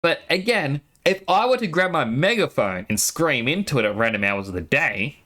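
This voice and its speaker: A man's voice: on the high side, normal speed. A young Australian man, a VTuber streamer, chatting casually and telling rambling stories while he plays a game. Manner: animated rambling storytelling with laughs.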